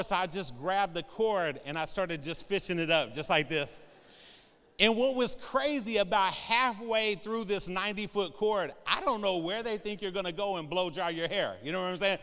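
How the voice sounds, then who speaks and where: A man in his forties preaching with humor, telling animated, joking stories to an audience and tagging his lines with "all right?". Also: high-pitched, clean tone, long reverb tail. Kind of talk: humorous sermon storytelling.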